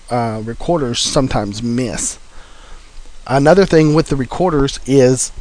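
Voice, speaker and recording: A man's voice: medium pitch, a little mellow. Man explaining recorders in a plain practical way. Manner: plain, practical, with frequent "uh" fillers. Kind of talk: informal instructional talk.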